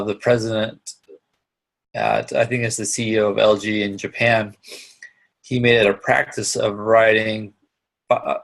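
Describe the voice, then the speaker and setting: A middle-aged man with a gravelly, lowish voice leads an online business class. He talks earnestly and haltingly, restarting his sentences often as he shares personal reflections with his students. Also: a bit bright. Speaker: instructor. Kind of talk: online live class talk.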